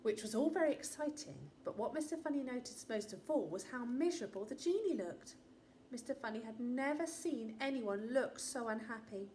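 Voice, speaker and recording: A woman teacher reading a storybook aloud to children, expressive and asking her listeners questions. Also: fairly high pitch, normal speed, slight background noise. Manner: expressive, gasping in wonder, asks the listener questions.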